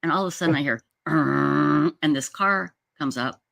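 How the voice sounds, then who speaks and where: A woman hosting a livestream, telling a story in a casual, animated way with plenty of restarts, speaking over a video call. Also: sits low, fast. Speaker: livestream host.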